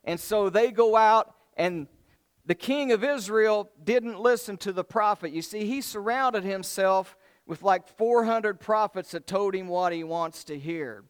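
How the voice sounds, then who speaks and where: A man's voice: high voice, measured pace, clear, resonant tone. A man preaching a sermon, retelling a Bible story in a casual, colloquial way and acting out the characters' lines.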